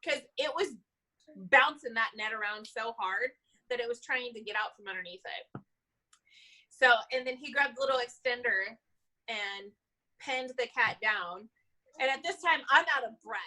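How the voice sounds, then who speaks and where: Bright, high-voiced woman telling a story. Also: normal speed, pauses often, rough recording. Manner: animated, laughs often while telling a story. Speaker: animal control officer, guest. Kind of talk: casual storytelling in an interview.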